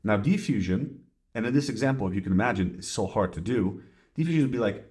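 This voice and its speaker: A man's voice: lowish voice, a little fast, darkish tone. A man who works as a therapist, explaining a mindfulness exercise in a casual, conversational way and acting out anxious thoughts. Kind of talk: casual teaching talk.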